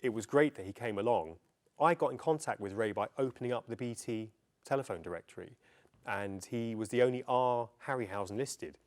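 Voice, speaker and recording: A man's voice: medium pitch, fairly quick. A middle-aged man giving a public talk at a festival, chatty and anecdotal, with frequent ums as he tells stories. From England. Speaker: presenter. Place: festival venue before an audience.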